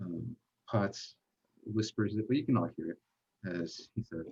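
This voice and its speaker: A man narrating as game master of a tabletop game, halting, with frequent pauses and fillers. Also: sits low, gravelly, a little mellow, husky. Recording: dull lo-fi recording.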